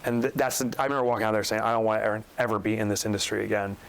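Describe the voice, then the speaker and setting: A guest on a podcast, an author and business coach, tells a story with animated energy, acting out the people he quotes and rising sharply whenever he sounds incredulous. His voice sits on the low side and moves very fast, with a creaky texture. The recording quality is low.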